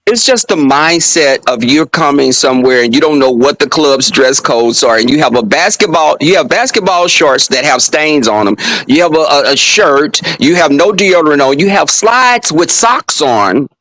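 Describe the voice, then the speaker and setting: A man on a video call, gossiping and mocking someone in an animated way. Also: a little high, normal speed, few pauses, no echo, rough recording. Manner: animated, mocking, trails off and restarts. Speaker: panelist. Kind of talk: casual gossip chat on a live stream.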